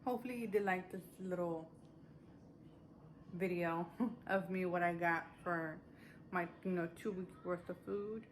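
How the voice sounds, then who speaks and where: Talking to her viewers in a casual haul chat, a woman vlogger rambles a bit out of breath, full of fillers and restarts. Her fairly low voice holds a steady tone, a little slow, pausing often, against slight background noise.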